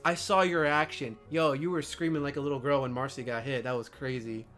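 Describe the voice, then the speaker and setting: A man hosting a casual chat, excitable and rambling, joking as he goes. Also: medium pitch, a little fast, music in the background. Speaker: host.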